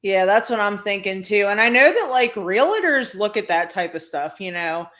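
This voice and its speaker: A woman's voice: mid-range voice, animated, moderate pace, a bit bright. Chatty young woman rambling casually. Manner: chatty, rambling with many "like" fillers. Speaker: podcast co-host. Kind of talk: casual chat.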